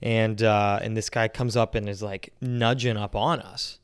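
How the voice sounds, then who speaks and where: This young man, from around Pittsburgh, Pennsylvania, has a fairly low, smooth voice and speaks a little slowly with a flat delivery. He spins a long, rambling, casual tale packed with fillers like "you know what I mean."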